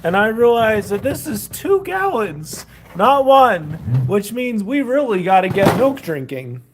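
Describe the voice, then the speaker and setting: A man's voice: high-pitched, sing-song, a little slow, background noise. A young man chatting casually in a rambling vlog while he fixes food in his kitchen, filming on a phone held in one hand. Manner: loose, rambling, talks while fixing food. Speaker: faith vlogger. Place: home kitchen.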